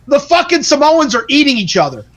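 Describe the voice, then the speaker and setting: A man's voice: very high-pitched, brisk. A man co-hosting a podcast, chatting casually with lots of fillers and swearing. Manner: relaxed, chatty, many "uh"s and swears. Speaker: podcast co-host.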